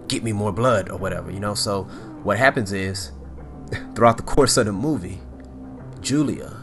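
A man casually recapping a horror movie, animated and excitable, full of fillers and asides. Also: on the low side, moderate pace, creaky, music in the background. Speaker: movie reviewer.

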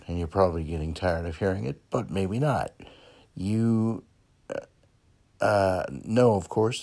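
A very deep-voiced man hosting a motivational podcast. He talks slowly and unhurriedly, in a folksy, encouraging way, and checks in with "okay?" and "you know" between his points. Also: mellow. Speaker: podcast host. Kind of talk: motivational monologue. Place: Plymouth, Massachusetts.

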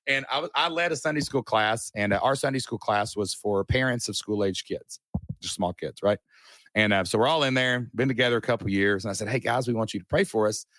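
Casting: Kentucky guy in his thirties, lower voice, dry close sound, chatty storyteller. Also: fairly quick, dry recording. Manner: animated storyteller, many asides and fillers. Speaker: guest entrepreneur. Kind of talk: casual storytelling interview.

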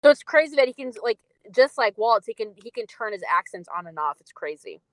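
A woman's voice: a little high, very animated, a little fast, dry recording, poor audio. A woman co-hosting a podcast, chatting casually about a film with lots of fillers. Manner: chatty, many fillers and laughs. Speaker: podcast co-host.

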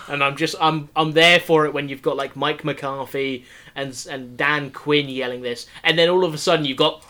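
A man's voice: medium pitch, moderate pace, few pauses, sharp tone. A man chatting casually about American football as a podcast co-host, rambling with many fillers and restarts. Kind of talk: casual sports chat.

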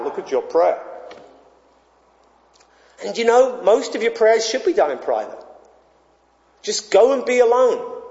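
Man, pastor, conversational sermon, high voice, long church reverb, dull muffled sound. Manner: conversational, digressive preaching. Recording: echoey hall, dull sound.

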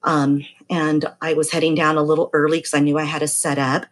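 A woman's voice: low voice, little pitch movement, brisk. Chatty middle-aged woman telling a story. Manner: chatty, acts out quoted voices. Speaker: massage therapist telling a story. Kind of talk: casual storytelling.

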